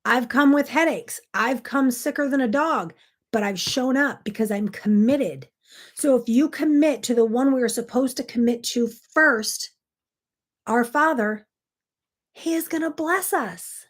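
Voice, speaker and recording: A middle-aged woman hosting a morning devotional video, talking earnestly and directly to the camera in a casual style. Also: high-pitched. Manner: earnest and direct, acts out quoted spouses in quick little voices. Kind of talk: casual faith talk to camera.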